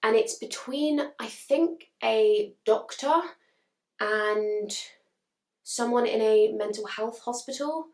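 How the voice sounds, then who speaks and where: A woman chatting to camera about books she wants to read, gushing and hedging, a little hoarse as she is losing her voice. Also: fairly high pitch, slow, a little mellow, echoey room. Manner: chatty and gushing, with frequent hedges. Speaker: book vlogger. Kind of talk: casual chat to camera.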